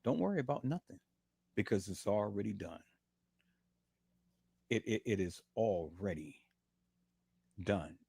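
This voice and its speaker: A man's voice: fairly low pitch, lively intonation, a little slow, vocal fry, pauses often, warm tone, husky, dry recording. A man, in pain and lying in bed, giving a fervent, repetitive testimony of faith to livestream viewers and calling them "peoples". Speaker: livestream host.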